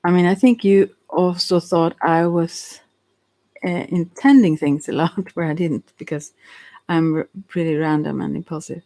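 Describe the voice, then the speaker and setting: Swedish lady chatting casually in english, slow and a bit low, stops and restarts a lot. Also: steady tone, dark tone. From Sweden. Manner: halting, self-correcting, laughs often. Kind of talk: casual one-sided chat, reading aloud.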